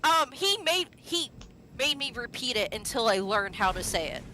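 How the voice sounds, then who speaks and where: A woman streamer telling a story in casual chat, animated, laughing and swearing freely. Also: a little high, moderate pace, slight background noise.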